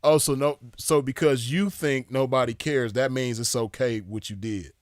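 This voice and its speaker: A man commenting casually in a loose, drawling voice of middling pitch. He sounds scornful. The sound is close and dry, with no room around it. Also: normal speed, no room sound.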